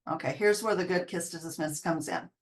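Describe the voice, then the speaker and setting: A woman's voice: lowish voice, fairly quick. A woman dog trainer casually explaining dog body language while talking over video clips. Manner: chatty, explanatory, with quoted dog voices. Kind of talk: casual narrated video breakdown.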